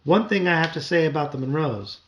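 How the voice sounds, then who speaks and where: A man reading a children's novel aloud to his child at home, with wry, expressive storytelling. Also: fairly high pitch, brisk, lo-fi sound, a little hiss or hum.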